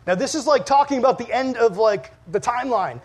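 A man with a notably high voice gives a relaxed sermon to a room of teenagers. He talks like a friend, cracking jokes at his own expense and laughing as he goes. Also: brisk. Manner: chatty and joking, laughs often at himself. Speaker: youth pastor.

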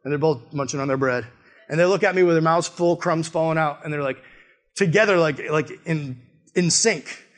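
Animated young man preaching. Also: normal speed. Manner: animated storytelling, often rising high and loud in quoted outbursts; casual, peppered with "like". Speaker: missionary preacher. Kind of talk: sermon with personal story.

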